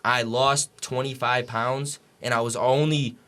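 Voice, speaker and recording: A man's voice: mid-range voice, little pitch movement, measured pace, fairly bright tone. A young man telling a story as a podcast guest, casual and profane, packed with "like" and "dude".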